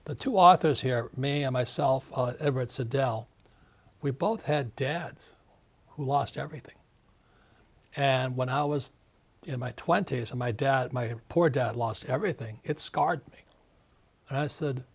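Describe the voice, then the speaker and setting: Husky older man ranting about money. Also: mid-range voice, moderate pace. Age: 70s. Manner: emphatic, ranting, repeats phrases. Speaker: author and investor guest. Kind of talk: casual interview talk.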